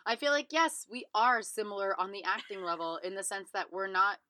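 A woman's voice: medium pitch, brisk, bright, forceful tone, a little hiss or hum. A woman co-hosting a podcast, cracking sarcastic jokes and swearing in casual banter. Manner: jokey, sarcastic quips, swears. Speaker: podcast co-host.

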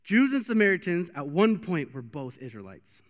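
Long reverb fills the church hall as a young man delivers a lively, joking, casual sermon, restarting often. His voice sits high and moves at a moderate pace.

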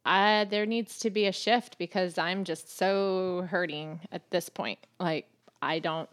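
A woman's voice: lowish voice, steady tone, a little slow, no echo. A woman co-hosting a casual faith-based talk about marriage with her husband, speaking earnestly and reflectively and laughing often. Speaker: podcast co-host, wife.

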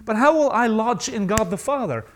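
A man preaching a sermon, emphatic, asking the congregation rhetorical questions and slowing down to stress key phrases. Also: sits high, expressive, a bit bright.

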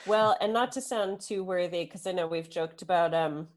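Lively storytelling woman, lowish voice. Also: moderate pace. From United States. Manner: animated storyteller, jokey. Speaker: podcast co-host. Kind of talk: casual chat.

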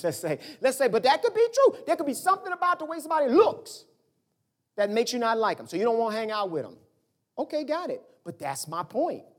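A male pastor giving a conversational, folksy sermon, acting out little dialogues as he goes. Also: very high voice.

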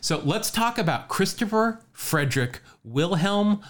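A man's voice: mid-range voice, expressive, moderate pace. Man, podcast co-host, easygoing storyteller who laughs a lot. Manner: laughs often, storytelling with asides. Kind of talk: casual baseball history chat.

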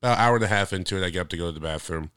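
A young man co-hosting a podcast, telling stories in a casual, animated way that gets loud and high when he is worked up. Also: racing, smooth, no echo, clean studio sound. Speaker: podcast co-host. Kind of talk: casual chat.

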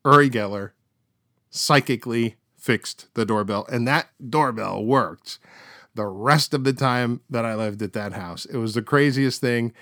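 A man's voice: mid-range voice, fairly bright tone, dry recording, studio quality. A middle-aged man hosting a podcast, telling stories in a chatty way full of fillers and restarts. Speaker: podcast host. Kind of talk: casual storytelling.

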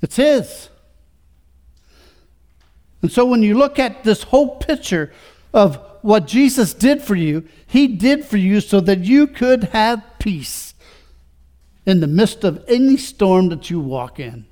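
A man with a high voice preaching a sermon. He asks his listeners rhetorical question after rhetorical question, dropping into quiet, reflective stretches and then building back up to fervent declarations. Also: lively intonation, takes it slowly. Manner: swings between quiet reflection and rising fervor. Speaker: pastor.

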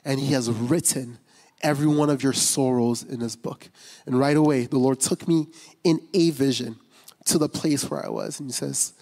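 A man's voice: medium pitch, fairly even intonation, normal speed, a little mellow. A man preaching a personal testimony as pastor, speaking candidly and conversationally with many fillers and restarts. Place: church sanctuary. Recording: long reverb of a large hall.

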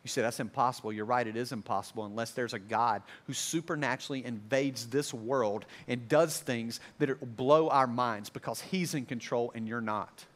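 A man's voice: medium pitch, normal speed, few pauses. A pastor preaching a sermon to a congregation at a church service, earnest and repetitive, building emphasis as he goes.

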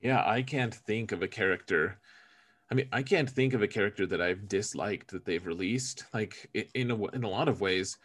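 Lower-voiced man, animated podcast co-host. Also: normal speed, slightly rough. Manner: animated and joking, stammering restarts. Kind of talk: casual gaming podcast chat.

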